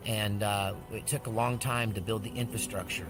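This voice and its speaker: Man telling a rambling story, gravelly voice, acts out quotes, loud music underneath. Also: medium pitch, lively intonation, fairly quick, few pauses. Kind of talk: casual storytelling.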